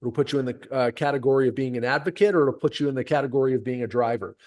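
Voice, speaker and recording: A man's voice: medium pitch, rapid-fire. A man coaching a group on sales conversations, talking energetically and emphatically straight to his listeners. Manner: energetic, emphatic, direct address. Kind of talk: coaching session.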